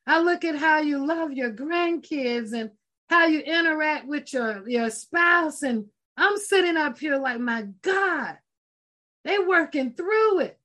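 Fervent high-voiced woman preaching a sermon. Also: unhurried, pushed and bright. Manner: fervent, emphatic, repeats phrases, exclaims often.

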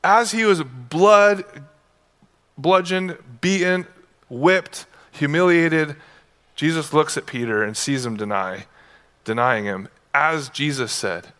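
Male pastor, slightly high and bright, forceful voice; casual, conversational sermon delivery with playful asides. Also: expressive, slow pace. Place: church.

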